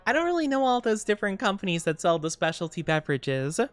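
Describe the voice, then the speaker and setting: A woman's voice: medium pitch, sing-song, fast talker, soft background music. A tired woman streamer rambling and giggling in casual chat, greeting viewers as she goes.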